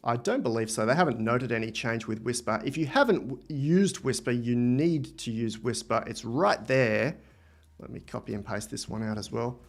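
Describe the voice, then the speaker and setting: A man with an Australian accent hosting a live software demo, thinking aloud with enthusiasm as he types and explains. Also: mid-range voice, normal speed. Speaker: livestream host.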